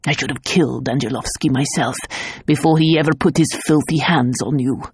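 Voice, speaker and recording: A woman voicing a gruff, protective middle-aged uncle in an audiobook, speaking gravely and bluntly. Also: steady tone, fairly quick, dry recording, clean studio sound, full character voice. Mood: bitter. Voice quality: low, gravelly and husky. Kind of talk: audiobook character voice.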